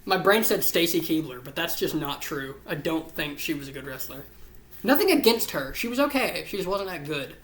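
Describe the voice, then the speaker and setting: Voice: medium pitch, animated, moderate pace, reverberant, a little hiss or hum. A vlog host rambling casually to camera, gushing and swearing a lot, sounding tired. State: tired, yawning. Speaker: YouTube host. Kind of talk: casual ranking chat to camera.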